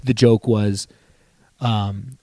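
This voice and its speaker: Male comedian, podcast host; warm, mellow tone, dry close sound, rambling and profane storyteller. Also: on the low side, fairly even intonation, drawn-out words, dry recording. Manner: rambling, profane, self-interrupting. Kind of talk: casual solo storytelling.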